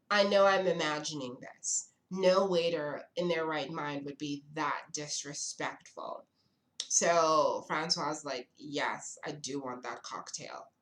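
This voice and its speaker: A young woman from South Africa with a fairly low voice, recounting a story to camera. She talks in a chatty, sassy and dramatic way. The room around her rings with echo. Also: a bit bright. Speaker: vlogger. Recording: echoey room.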